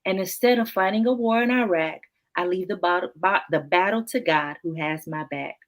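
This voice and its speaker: A woman performing spoken word poetry with slow, deliberate, sometimes half-sung lines, then talking casually about it. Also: fairly low pitch.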